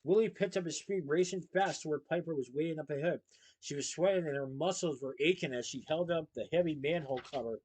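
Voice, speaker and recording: Reading a children's novel aloud, a man with a somewhat high voice keeps a steady, lively storytelling pace, like a bedtime chapter reading. He's brisk, and the recording quality is low.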